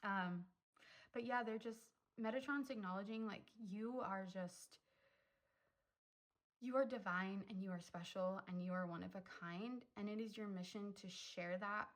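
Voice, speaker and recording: A young woman with a mid-range voice gives a casual pick-a-card tarot reading at an unhurried pace on a rough recording. She's chatty and effusive, peppering her talk with "um" and "like" and growing emotional.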